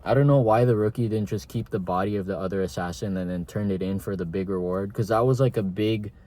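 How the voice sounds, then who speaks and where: A man's voice: lowish voice, fast, warm tone, slight background noise. A young man giving a casual, rambling spoken review of a TV season, slangy and full of filler words. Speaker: TV show reviewer.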